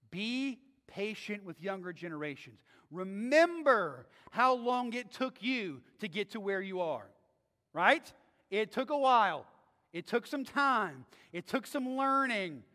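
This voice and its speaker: A male pastor preaching a sermon in a conversational way, often checking in with the congregation with a quick "right?". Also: sits high, big pitch swings, bright, forceful tone, long reverb tail. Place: church sanctuary.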